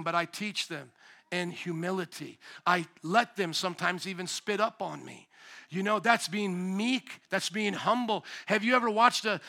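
A high-pitched male pastor delivering a sermon with a bright, forceful tone. He swings from loud, emphatic bursts down to quiet, low asides. He sounds like the father of young children. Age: young adult to middle-aged, a parent of young children.

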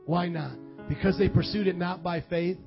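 A man preaching a sermon and reading scripture aloud, dramatic, swinging from loud calls to quiet low reading. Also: fairly even intonation, normal speed, creaky. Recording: dull lo-fi sound with faint music.

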